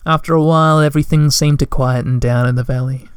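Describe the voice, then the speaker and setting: A man reading a children's storybook aloud in a gentle, measured way. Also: mid-range voice, fairly even intonation, clean tone, dry recording, studio quality. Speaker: narrator.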